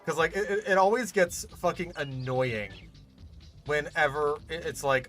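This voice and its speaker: A man's voice: a little high, unhurried, fairly bright tone, faint music behind. A man doing casual, ranting commentary as a gaming YouTuber while he builds a park, sarcastic and profane.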